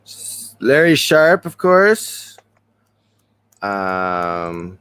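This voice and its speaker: A man's voice: on the low side, very animated, drawn-out words, fairly bright tone, clear, resonant tone, no echo. A man hosting a casual podcast, talking loosely and rambling with frequent chuckles. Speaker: podcast host.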